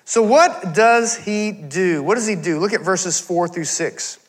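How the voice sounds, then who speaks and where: A man's voice: high-pitched, animated, measured pace. A man preaching a sermon in a church, talking to the congregation with casual asides and correcting himself as he quotes scripture. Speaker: pastor.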